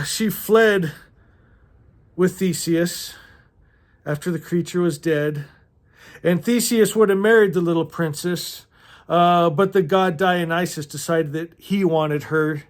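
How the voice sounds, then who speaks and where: Middle-aged man, higher pitch, slow unhurried delivery, emotional casual read-through with asides and laughs. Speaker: host reading a novel aloud. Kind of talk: casual reading with personal commentary.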